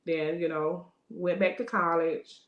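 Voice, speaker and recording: A middle-aged woman, talking in a casual interview and filling her speech with "you know", getting lively when she tells stories. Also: fairly low pitch, a little slow, echoey room, dull audio. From Alabama. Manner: rambling, frequent "you know" fillers; animated when telling stories. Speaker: guest.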